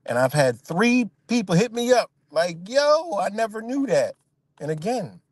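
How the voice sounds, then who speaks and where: Guy ranting on his livestream, swears a lot, rambles, dry close sound. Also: no room sound. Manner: profane, rambling, animated, mocks others in high voices. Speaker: livestream host. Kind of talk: casual livestream rant.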